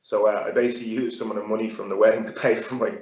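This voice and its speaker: A man's voice: on the low side, level tone, very fast, darkish tone. An Irish man chatting casually as an interview guest, rambling with many fillers and restarts. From Ireland. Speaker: guest fighter and gym owner. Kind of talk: casual chat. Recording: roomy, dull-sounding audio.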